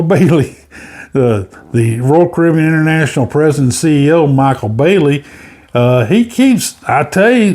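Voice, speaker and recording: A man's voice: on the high side, darkish tone. A man hosting casual cruise news commentary, rambling with many fillers and restarts.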